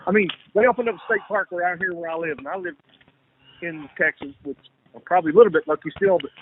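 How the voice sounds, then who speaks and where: A man's voice: high voice, big pitch swings, fast talker, creaky. A man in casual conversation, talking in a rambling, profane way and repeating himself. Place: lives in Texas. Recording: tinny phone-like line, faint hiss.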